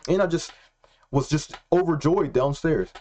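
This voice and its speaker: A young man telling a personal faith story in a casual, excitable way, slangy and repeating himself. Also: fairly high pitch, a little slow. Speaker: Christian vlogger.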